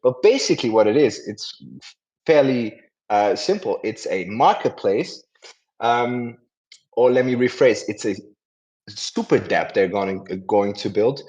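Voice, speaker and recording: In casual chat and introductions, a man hosting a community audio event talks in a rambling way, correcting himself and laughing often. His voice is on the low side, expressive and slightly mellow, with a somewhat slow pace. The sound comes through dull and lo-fi.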